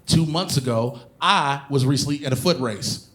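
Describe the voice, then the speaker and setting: A man performing a stand-up comedy routine on stage, telling animated, profane stories and bursting into shouted impressions. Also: medium pitch, moderate pace, background noise. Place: comedy stage before a live audience.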